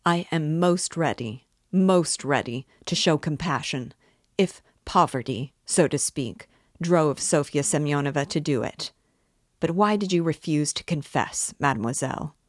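A woman reading aloud and voicing a pompous, self-righteous middle-aged man who talks down to others and turns shrill when accused. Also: animated, a little slow, dry recording, studio quality. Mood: condescending. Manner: condescending, wordy, later shrill and indignant.

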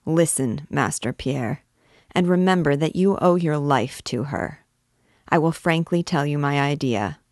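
A woman's voice: darkish tone, dry recording, clean studio sound. A woman voicing a stern, brooding archdeacon. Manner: grave, commanding, low and measured, erupting in anger. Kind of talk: audiobook character reading.

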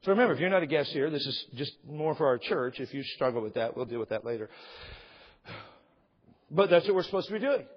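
A man preaching a sermon as pastor, impassioned and rising in emphasis, with a voice that is wearing out and husky. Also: a little high, lively intonation, fairly quick, in a large hall, highs cut off. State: losing his voice. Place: church sanctuary.

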